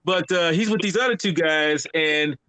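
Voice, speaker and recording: A man's voice: a little high, normal speed, smooth, no echo. A man co-hosting a podcast, chatting casually and laughing as he recaps an anime episode. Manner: animated, laughing storyteller with fillers. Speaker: podcast co-host.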